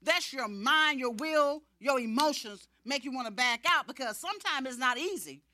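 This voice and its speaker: A woman preaching a personal testimony in a bright, forceful voice, a little higher than most. She tells it as animated storytelling and acts out each exchange. The sound is close and dry. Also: normal speed, no echo. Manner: animated storytelling, acting out dialogue. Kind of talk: sermon testimony.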